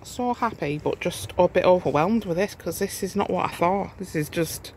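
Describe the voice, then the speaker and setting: A home gardener, chatting casually through a vlog walkthrough inside a warm polytunnel, with frequent amazed exclamations. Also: mid-range voice, normal speed, a little hiss or hum.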